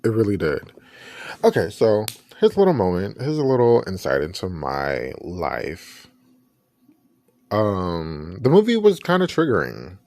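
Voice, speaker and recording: With a deep, darkish voice that swings hugely in pitch, this podcast host talks a little slowly. He gives earnest, reflective personal commentary on his own show, frequently starting sentences over, and there's no room sound.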